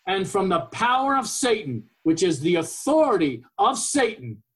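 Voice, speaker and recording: High-voiced man preaching a sermon. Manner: reads King James verses then explains them earnestly. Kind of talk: sermon with scripture reading.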